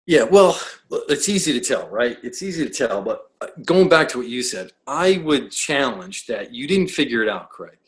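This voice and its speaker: A man's voice: mid-range voice, big pitch swings, normal speed, hardly any pauses, rough recording. A man who is a professional coach, talking as a podcast guest in an emphatic, blunt way, full of rhetorical questions. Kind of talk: podcast interview.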